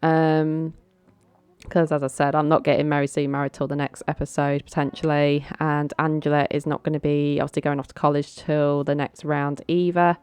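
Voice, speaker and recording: Low-pitched young woman, casual game commentator, chatty and coaxing, dry close sound. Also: flat delivery, moderate pace, darkish tone, clear, resonant tone, no echo. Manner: chatty, coaxing her game characters, giggles often. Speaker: gaming channel host.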